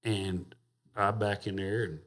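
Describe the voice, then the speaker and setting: Low-ish in pitch, fairly even in intonation and slow, a man recounts a rowdy, cursing-filled story. He's a rodeo champion appearing on a podcast, laughing through his casual storytelling.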